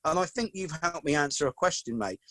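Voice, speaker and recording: A man, a podcast guest telling stories in a lively, casual way and calling the host "mate". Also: fairly high pitch, fairly quick. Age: 40s. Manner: lively anecdotal, peppers talk with "mate" and "do you know what I mean". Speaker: podcast guest, football coach. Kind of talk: casual storytelling chat.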